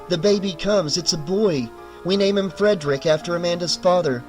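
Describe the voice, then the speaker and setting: High-pitched man reading a dramatic audiobook. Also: moderate pace, soft background music, poor audio. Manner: expressive, emphatic, swings into loud cries. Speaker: audiobook narrator.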